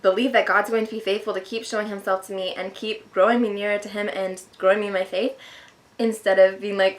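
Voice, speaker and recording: A woman's voice: medium pitch, steady tone, fast talker. A young woman vlogger talking earnestly and casually about her faith, chatty and self-deprecating, with lots of filler words. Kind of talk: casual devotional talk to camera.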